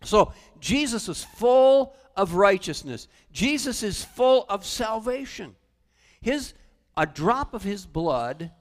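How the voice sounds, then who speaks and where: A male pastor preaching a sermon in a church sanctuary, animated, with humorous asides. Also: high-pitched. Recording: long church reverb.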